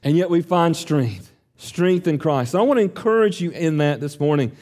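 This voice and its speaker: A man's voice: a little high, expressive, moderate pace, darkish tone. A man preaching an earnest, emphatic sermon, acting out quoted prayers and questions.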